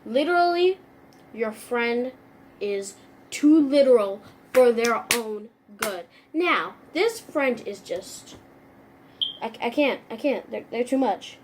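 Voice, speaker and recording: Animated young woman vlogger, fairly high voice. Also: takes it slowly, noisy background. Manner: animated, sarcastic, acts out little scenes. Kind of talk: comedic vlog monologue.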